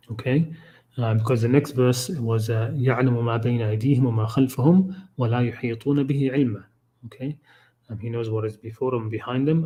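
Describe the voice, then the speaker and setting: A man leading a livestreamed Quran study, reciting verses quickly and then explaining them with many fillers and repeated "okay?" checks. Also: mid-range voice, mellow, husky, low-quality recording. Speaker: Quran study group leader. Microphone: livestream microphone.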